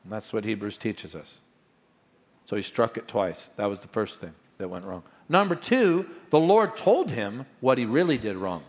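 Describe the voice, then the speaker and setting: A middle-aged male pastor preaching a sermon, swinging between loud proclamations and quiet asides. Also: lowish voice, sing-song, moderate pace, long reverb tail.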